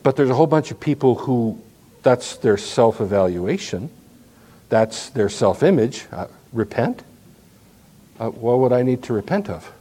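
Brief: male pastor, sermon delivery, animated and folksy, chatty asides, mid-pitched voice. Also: unhurried, slightly rough. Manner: animated, conversational preaching with restarts and folksy asides.

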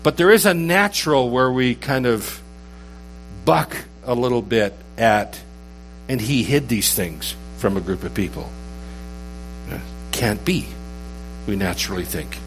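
A man's voice: mid-range voice, expressive, a little slow, long pauses, slight background noise, poor audio. A man preaching a conversational sermon, reading scripture aloud with rising emphasis. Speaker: pastor.

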